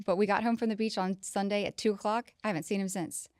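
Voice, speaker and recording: A woman's voice: medium pitch, fairly even intonation, quick pace, a little mellow, no echo, clean studio sound. A woman, co-hosting a podcast and teasing her partner while laughing. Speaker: podcast co-host. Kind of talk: casual chat.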